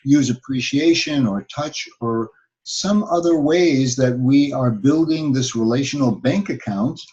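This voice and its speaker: A man who works as a couples therapist, explaining calmly in a casual advice chat, measured and full of small fillers. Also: medium pitch. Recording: slightly dull lo-fi sound.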